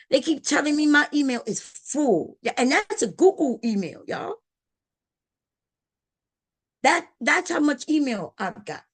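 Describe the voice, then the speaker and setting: A woman hosting a casual livestream, chatting to her viewers in a talkative, repetitive way. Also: high voice. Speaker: livestream host.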